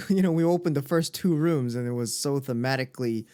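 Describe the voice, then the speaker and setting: A man's voice: mid-range voice, a little fast, warm tone. A man playing a tabletop game, joking and sarcastic, slipping into mock-formal speech in character. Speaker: player. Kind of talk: casual tabletop role-play.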